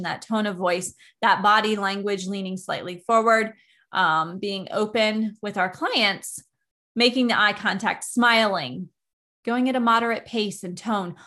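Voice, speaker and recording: Woman, podcast host, calm explainer; teaches step by step, mid-pitched. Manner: calm, explanatory, with everyday analogies. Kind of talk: instructional podcast monologue.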